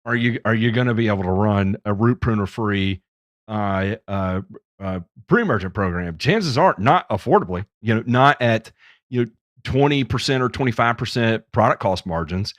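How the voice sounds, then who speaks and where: A man's voice: on the low side, animated, normal speed, no echo, clean studio sound. A man hosting a casual livestream talk show, teasing his guests and talking in bursts with lots of restarts and fillers. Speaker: podcast host.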